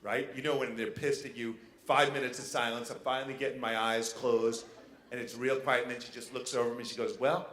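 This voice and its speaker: A male stand-up comedian performing a set in a live venue, animated and breaking into loud mock outrage. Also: mid-range voice, brisk. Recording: roomy live venue with faint noise.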